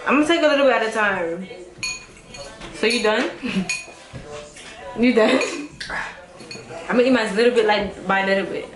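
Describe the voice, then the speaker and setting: A woman's voice: a little high, normal speed, pauses often, roomy sound, over music. Young woman screaming through a spicy challenge. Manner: screams and laughs through the heat. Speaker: vlogger. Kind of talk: casual food challenge vlog.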